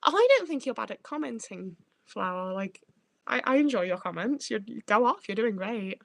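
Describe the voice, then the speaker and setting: A woman's voice: on the high side, lively intonation, moderate pace, gravelly, no room sound. Rambling, sweary woman. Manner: rambling, sweary, self-interrupting. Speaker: livestream host. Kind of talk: casual live-chat rambling.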